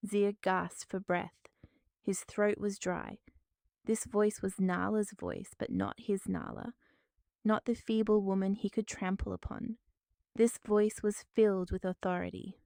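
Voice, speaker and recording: A woman narrating a family drama in a steady, dramatic storytelling style. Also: medium pitch, unhurried, gravelly, clear, resonant tone, no echo, studio quality.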